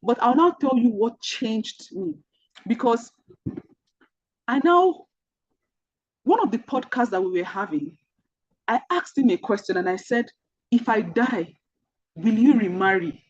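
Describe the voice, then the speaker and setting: Unhurried and animated, with long pauses, her voice sits on the high side and comes through a muffled recording. She's a woman with a Nigerian accent mentoring an online group, telling personal stories earnestly, speaking directly to listeners and repeating key points to drive them home.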